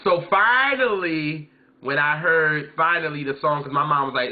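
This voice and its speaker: A man's voice: a little high, moderate pace. A man vlogging casually about music, telling stories, imitating his mom and singing snatches of songs. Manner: chatty, storytelling, often mimics his mom and sings snatches. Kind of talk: casual chat. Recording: tinny phone-like sound.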